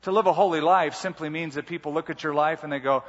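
A man's voice: on the high side, quick pace. A male pastor preaching a sermon, emphatic and repeating key words. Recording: muffled hall reverb.

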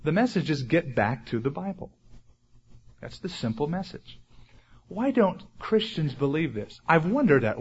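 A male pastor preaching with a fairly high, husky voice and earnest emphasis. He draws out key words slowly and pushes up in pitch and force when asking questions. The recording sounds dull and lo-fi. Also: sing-song. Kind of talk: sermon.

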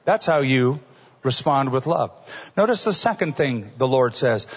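A middle-aged male pastor preaching a sermon in an earnest, conversational way, often dropping to a soft voice for asides. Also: medium pitch, very animated, moderate pace, breathy edge. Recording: dull recording in a large reverberant hall.

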